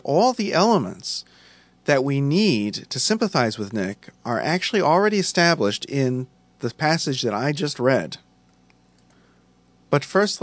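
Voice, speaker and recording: A man's voice: medium pitch, no echo. Man teaching fiction writing, dry sound. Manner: conversational, playful asides. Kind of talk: lesson with a read-aloud story passage.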